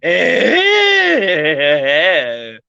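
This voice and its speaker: A man joining his partner's live stream, teasing playfully and laughing loudly. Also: a little high, wildly swooping pitch, very slow, vocal fry, dry recording. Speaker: host's partner. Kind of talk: casual live-stream chat. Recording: dull lo-fi stream audio.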